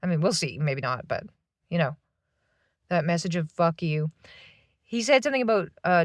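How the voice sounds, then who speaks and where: A woman's voice: lowish voice, big pitch swings, moderate pace, pauses often, no echo. A woman in her thirties venting in a rambling, swearing monologue from a parked van. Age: 30s. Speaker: vlogger.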